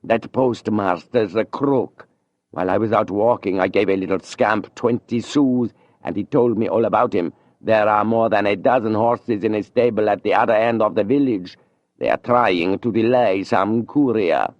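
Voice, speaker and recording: A man voicing a flamboyant male Italian opera singer, with a slow, theatrical, drawn-out delivery. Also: lowish voice, no room sound, muffled recording, natural voice. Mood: conspiratorial.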